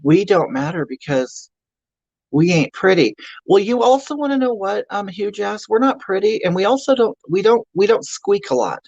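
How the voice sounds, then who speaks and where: A man's voice: sits high, animated, moderate pace, gravelly, a little mellow, dry recording, muffled recording, full character voice. A man playing a crude, self-mocking obese middle-aged woman who rambles, stammers and answers chat comments on a comedy livestream. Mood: ranting, griping. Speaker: livestream comedy character host. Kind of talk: improvised livestream character comedy.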